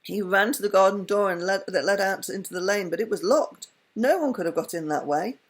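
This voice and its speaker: A woman reading a children's story aloud with an expressive, lilting delivery. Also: mid-range voice, a little fast.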